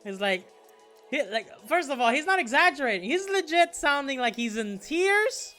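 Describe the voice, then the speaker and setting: A man's voice: very high voice, very animated, normal speed, bright, forceful tone, faint music behind. A young man casually telling a story, swearing a lot and restarting his sentences. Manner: swearing freely, rambling with restarts.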